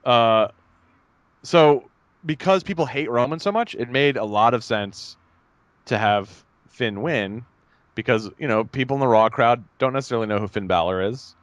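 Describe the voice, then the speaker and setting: A man co-hosting a casual podcast, talking in a rambling, animated way with many fillers. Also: mid-range voice, moderate pace, no room sound. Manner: rambling, animated, lots of fillers and mock voices. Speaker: podcast co-host. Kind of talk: casual chat.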